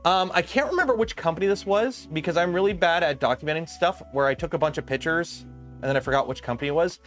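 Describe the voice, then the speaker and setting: A man's voice: a little high, fast talker, a bit bright, faint music behind. A man with a slight lisp, hosting a casual livestream and rambling with lots of "um" and restarts. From Canada. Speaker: livestream host.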